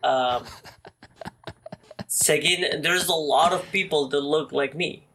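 A man's voice: slow, poor audio. A man co-hosting a podcast in casual chat, rambling and leaning on "like" a lot. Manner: animated, jumps into higher voices for quotes. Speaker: podcast co-host.

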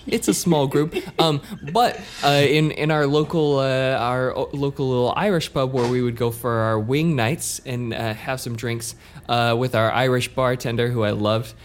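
A man's voice: medium pitch, normal speed, slight background noise. A man co-hosting a podcast, telling a story in a loose, rambling way with lots of fillers and joking asides. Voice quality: swears casually. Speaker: podcast co-host. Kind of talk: casual podcast chat.

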